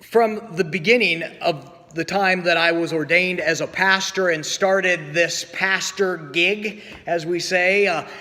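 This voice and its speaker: Slow-spoken pastor preaching in a reverberant church. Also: male voice, sits high, fairly even intonation, bright, forceful tone. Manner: storytelling with acted quotes, slow pauses. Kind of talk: sermon. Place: church sanctuary.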